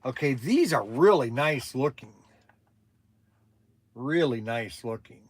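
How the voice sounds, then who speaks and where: A man's voice: medium pitch, expressive, takes it slowly, breathy edge, no echo. A man hosting a casual livestream, talking in a chatty, rambling way with many restarts. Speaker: livestream host.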